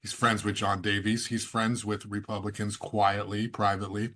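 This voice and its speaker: A man's voice: fairly low pitch, flat delivery, normal speed, pushed and bright. An American man hosting an interview, asking probing questions in a conversational way. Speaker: podcast host.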